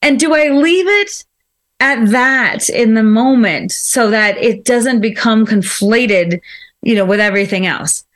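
High-voiced woman coaching on a podcast. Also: animated, a little slow. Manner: reflective, coaching tone with playful quoted voices. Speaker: co-host. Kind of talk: casual podcast chat.

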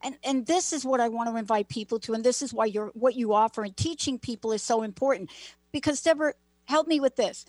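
A woman's voice: fairly high pitch, fast, darkish tone, no echo. A woman hosting an interview, speaking in an earnest, emphatic and encouraging way. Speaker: interview host.

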